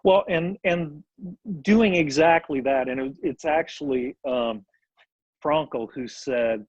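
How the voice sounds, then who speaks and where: A man with a slightly high, husky voice talks as a therapist guest on a podcast. He speaks reflectively and slows down to stress key ideas. The sound is dry and a little dull, like a lo-fi remote recording. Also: dry recording. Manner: reflective, thoughtful, slows down for emphasis. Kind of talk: podcast conversation.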